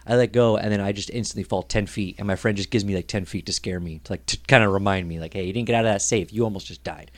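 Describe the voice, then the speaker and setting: A young man co-hosting a casual podcast chat, telling stories with loud, lively outbursts. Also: lowish voice, quick pace, few pauses. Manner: animated storyteller, loud outbursts when acting out scenes. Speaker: podcast co-host.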